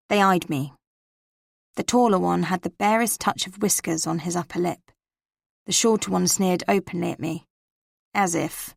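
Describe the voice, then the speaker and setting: A woman narrating a cozy mystery audiobook in the first person, in a measured, wry manner. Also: lowish voice, steady tone, vocal fry, no room sound, clean studio sound.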